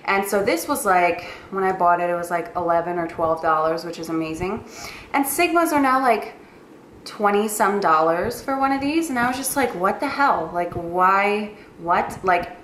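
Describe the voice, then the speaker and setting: In a casual monthly favorites vlog, a young makeup artist with a New York accent chats effusively, filling her speech with fillers. Her lowish voice is a bit bright, and the room echoes with faint noise.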